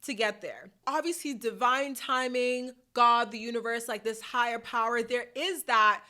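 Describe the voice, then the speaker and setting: A woman's voice: fairly high pitch, normal speed, bright, forceful tone. A woman hosting a motivational podcast to camera, chatty and playful with sassy slang, laughing often. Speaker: podcast host. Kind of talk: casual motivational talk to camera. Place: hot room at home. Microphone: camera mic.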